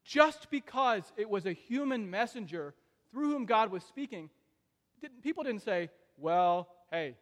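Brief: high-pitched male preacher, dynamic sermon delivery, long hall reverb. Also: expressive, measured pace. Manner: dynamic delivery, swings between soft asides and loud emphatic peaks.

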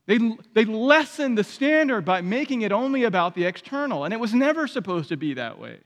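High-voiced preacher in an echoing hall. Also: male voice, sing-song, fairly quick, hardly any pauses. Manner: emphatic, repeats key phrases, rising to loud peaks. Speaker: pastor. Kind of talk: sermon. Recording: long hall reverb.

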